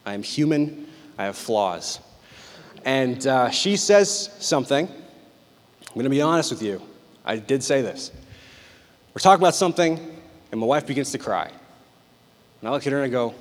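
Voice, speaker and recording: A young man preaching a sermon, telling personal stories with intense, animated delivery that swings between loud and hushed. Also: mid-range voice, moderate pace, pauses often. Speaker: pastor. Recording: long hall reverb.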